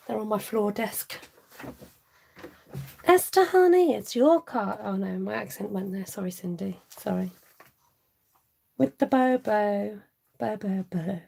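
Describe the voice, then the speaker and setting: A middle-aged woman demonstrates stamping crafts in a live tutorial, chatting, laughing often, and reading viewer comments aloud to answer them as she works. Her medium-pitched voice is warm with vocal fry and a breathy edge, on a rough recording.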